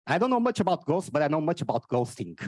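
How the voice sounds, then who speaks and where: A stand-up comic from Portugal speaks English with a Portuguese accent, bouncing between high excited exclamations and low deadpan asides. His pitch moves all over the place. The sound is dry and close, with little room tone. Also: fast talker, dry recording. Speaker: stand-up comedian. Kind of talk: stand-up comedy set with crowd work. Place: live comedy venue.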